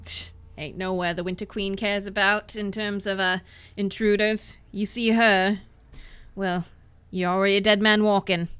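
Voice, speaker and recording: Woman putting on a rough-talking ogre jailer, blunt and goading, sharp bright voice. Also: mid-range voice, level tone, moderate pace, lightly acted. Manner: rough, coarse speech with "oi" and "lad". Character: gruff male ogre guard, taunting and blunt.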